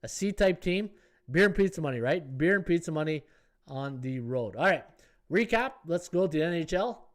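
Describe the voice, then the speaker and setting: A man's voice: a little high, expressive, normal speed. Chatty man talking through betting odds. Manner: chatty, thinks aloud, reads viewer comments. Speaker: sports betting podcast host. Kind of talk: casual live-stream analysis.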